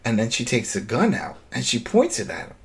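A man hosting a casual chat, retelling a TV episode in an animated way and acting out the lines. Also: medium pitch, gravelly. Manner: animated storytelling, acting out scenes, quick laughs. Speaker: podcast host recapping a TV episode.

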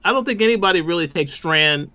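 A man co-hosting a podcast, offering measured, agreeable commentary in casual chat. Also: sits high, animated, bright, forceful tone. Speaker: podcast co-host. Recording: dull lo-fi audio.

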